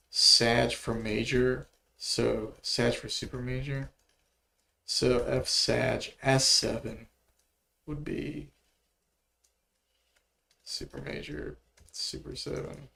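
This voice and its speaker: A man's voice: medium pitch, steady tone, slow pace, creaky, pauses often, a bit bright. A man casually talking through music notation on a livestream, mumbling and thinking aloud as he works. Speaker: music producer streaming his work.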